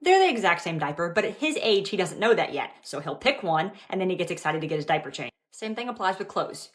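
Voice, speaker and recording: Upbeat low-voiced mom giving tips. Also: female voice, big pitch swings, fast, hardly any pauses, fairly bright tone. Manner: upbeat, instructive. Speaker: parent giving parenting tips. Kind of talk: casual parenting tips.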